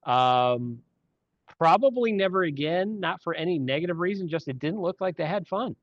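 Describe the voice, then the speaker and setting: A man's voice: fairly high pitch, lively intonation, normal speed, no echo. A man hosting a podcast, telling casual stories in a rambling way with restarts. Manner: rambling storyteller with frequent restarts. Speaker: podcast host. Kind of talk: casual chat. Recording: dry, dull lo-fi sound.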